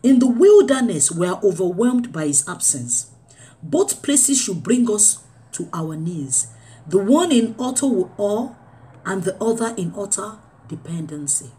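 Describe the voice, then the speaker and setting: A woman preaching a sermon, swinging between loud urging and low, quiet lines. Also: sing-song, unhurried.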